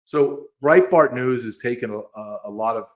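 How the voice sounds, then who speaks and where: Guy co-hosting a podcast, gets all fired up, mid-range voice. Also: mid-range voice. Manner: animated, quick to get excited, reads quotes aloud. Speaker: podcast co-host. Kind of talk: casual podcast chat.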